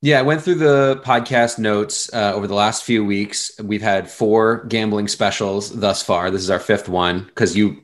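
A man's voice: lowish voice, measured pace, few pauses. A man co-hosting a casual sports betting podcast, easygoing and explaining with examples. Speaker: podcast co-host. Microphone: studio mic.

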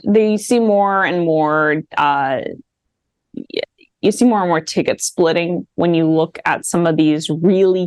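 Fast-talking woman, faint Midwest accent. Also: on the low side, no echo. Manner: rapid, animated, with bursts of speed and restarts. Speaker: podcast guest. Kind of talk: casual political chat.

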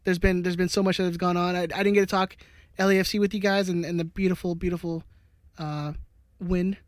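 A man's voice: sits high, flat delivery, brisk, dry recording, studio quality. A man hosting a casual sports podcast, playfully teasing his co-hosts and reading out viewer comments. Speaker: podcast host.

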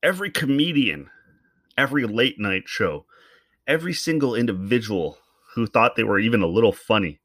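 Man, somewhat low voice, blunt, swearing, rambling solo podcast monologue, dry close mic. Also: expressive, brisk, long pauses, fairly bright tone, no echo. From Canada. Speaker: podcast host.

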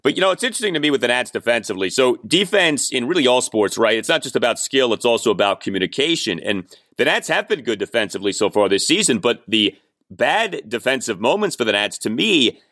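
A man's voice: medium pitch, sing-song, quick pace, fairly bright tone, no echo, clean studio sound. A man hosting a casual sports chat, telling the story with wry emphasis. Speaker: podcast host.

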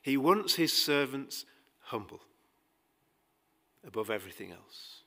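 A man preaching a sermon, emphatic, rising to loud pleading passages and dropping quiet again. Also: medium pitch, very animated, measured pace. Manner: acts out quoted dialogue with dry humor.

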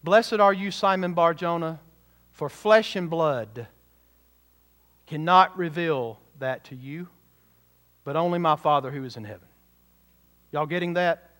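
A man preaching a sermon, full of rhetorical questions and quick asides to the congregation. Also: high-pitched, a bit bright. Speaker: pastor.

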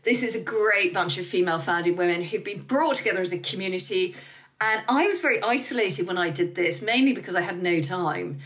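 A middle-aged woman, a business founder guesting on an interview, talking candidly and lively and swearing freely. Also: lowish voice, a little fast. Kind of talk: casual interview talk.

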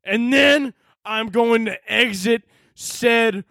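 A man's voice: extremely high pitch, slow pace, vocal fry, dry recording, studio quality, pitched above the performer's own voice, exaggerated voice. A man putting on the voice of a crude frat-boy military officer who barks orders at pledges. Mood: barking, crude. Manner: barking drill-sergeant shouts.

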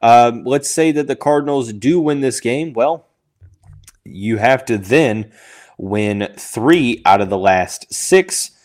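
A man hosting a sports podcast, thinking out loud with lots of fillers and restarts, who has the hiccups. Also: medium pitch, slow. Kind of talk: casual sports analysis podcast.

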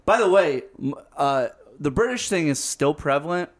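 A man's voice: on the high side, lively intonation, normal speed. A man co-hosting a podcast, chatting casually with wry, blunt, profane remarks. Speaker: podcast co-host. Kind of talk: casual chat.

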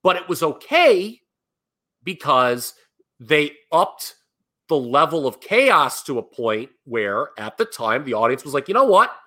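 A man on a casual podcast, talking in an animated, critical rant. His pitch leaps around widely and his voice is bright and forceful. He stresses words hard and swears freely. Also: slow pace. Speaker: podcast co-host. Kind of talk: casual wrestling podcast chat.

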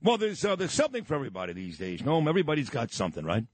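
A man's voice: a little high, wildly swooping pitch, very fast, no room sound. A man hosting a radio talk show, cracking jokes and teasing his guest. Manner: wisecracking, teasing. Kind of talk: casual radio banter.

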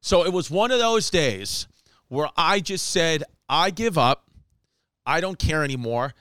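A man spins a rambling comic story, quick and animated, acting out quoted lines. His voice sits fairly high and sounds smooth and clear. The recording is dry and close. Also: no room sound. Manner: animated, fast, acts out quotes with Spanish asides. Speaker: comedian telling a story. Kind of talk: casual storytelling monologue.

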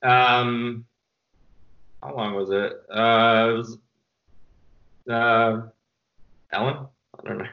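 Slow and prone to frequent pauses, this filmmaker speaks in a mid-range voice with vocal fry, captured in lo-fi sound. His interview storytelling is casual and rambling, animated yet heavy with fillers.

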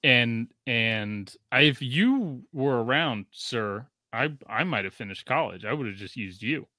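A man's voice: medium pitch, measured pace, no echo, studio quality. A man in his thirties, a podcast host, reading a listener review aloud and joking in casual chat. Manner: joking, profane, animated.

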